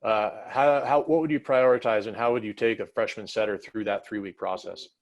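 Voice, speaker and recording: A man's voice: fairly low pitch, steady tone, brisk, a little hiss or hum. A man hosting a coaching video call, talking casually and rambling a little as he sets up questions. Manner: casual, rambling, self-correcting. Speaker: host and volleyball coach. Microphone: video call mic.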